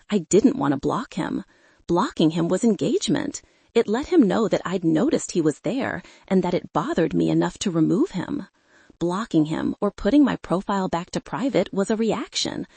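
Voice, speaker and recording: Brief: woman audiobook narrator, measured and restrained, dark husky tone, dry close studio sound. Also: lowish voice, no echo. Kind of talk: scripted first-person narration.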